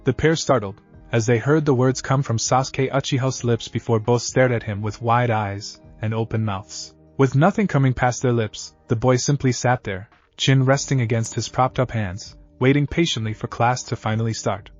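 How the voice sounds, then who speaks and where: A man giving a steady scripted fan fiction narration, muffled, with faint music behind. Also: medium pitch, normal speed, few pauses.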